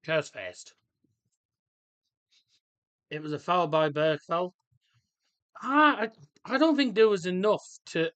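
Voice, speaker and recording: A man hosting a casual live football watchalong, chatting in a rambling, jokey way and reacting loudly to the game. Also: high voice, big pitch swings, a little slow, pauses often, dull audio. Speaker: livestream host. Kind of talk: casual match watchalong chat.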